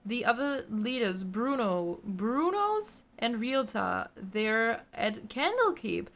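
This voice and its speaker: A woman's voice: a little high, sing-song, slow, fairly bright tone, heavily acted. A woman voicing a cowardly male guild leader in a fantasy game, whiny and pleading.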